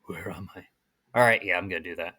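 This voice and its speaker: A man's voice: sits low, quick pace, sharp tone. A man commenting casually on a video game as he plays, chatty and rambling, often restarting his sentences, with game music behind him. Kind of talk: let's play commentary.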